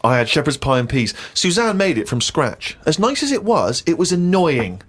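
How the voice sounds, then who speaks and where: A man's voice: a little high, very animated, moderate pace, a bit bright, husky. A man hosting a podcast, teasing his guest and reading a diary aloud in a mock-serious way. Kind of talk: mocking podcast banter and reading.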